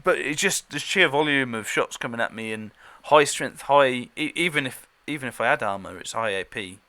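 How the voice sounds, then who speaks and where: A man's voice: medium pitch, animated, moderate pace, sharp tone, no echo. A man co-hosting a podcast, chatting casually with lots of fillers, restarts and chuckles. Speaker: podcast co-host giving a battle report. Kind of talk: casual chat.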